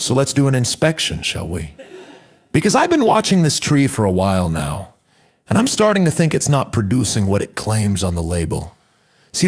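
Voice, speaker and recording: A man performing a mocking stand-up comedy monologue, breaking into high yelled impressions of shouting preachers. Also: husky.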